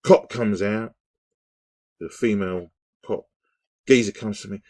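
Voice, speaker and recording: A man telling a story in a casual, rambling monologue, animated and full of restarts. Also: on the low side, normal speed, pauses often, no room sound.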